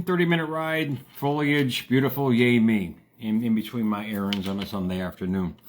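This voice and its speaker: A man hosting a motivational live stream, telling a story in a casual, jokey way with big jumps in his voice. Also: a little hiss or hum. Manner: animated, jokey, acts out quotes with big pitch jumps. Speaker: motivational radio host.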